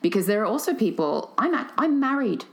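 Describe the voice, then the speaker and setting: A woman actress telling stories in casual chat, animated and sarcastic. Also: a little high, fairly quick. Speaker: actress guest.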